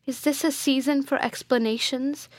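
A woman's voice: high-pitched, steady tone, moderate pace, a little mellow, no echo, pitched above the performer's own voice, close to an everyday voice. A woman reading aloud and voicing a passionate, hot-headed young prince with urgent, pleading exclamations.

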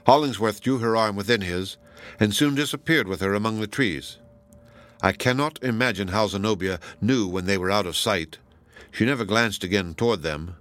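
A man reading a classic novel aloud as audiobook narration, in a measured, deliberate way. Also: fairly low pitch, a bit bright, dry recording. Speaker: audiobook reader. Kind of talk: scripted narration.

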